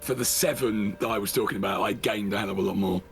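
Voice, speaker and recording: A man's voice: lowish voice, fast talker, vocal fry, soft background music. A man in casual co-op gaming chat, bantering with theatrical mock outrage. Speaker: co-op stream guest.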